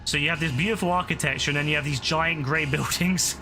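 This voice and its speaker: A man with a fairly high voice talks quickly over music while streaming a game. He rambles casually and swears freely as he chats.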